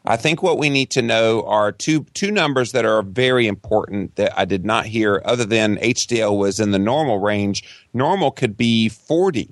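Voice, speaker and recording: Guy on a podcast, lowish voice, jumps in keen to explain, dry close sound. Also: moderate pace, few pauses, dry recording. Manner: eager, explanatory. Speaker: podcast guest, nutrition expert. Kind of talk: casual podcast chat.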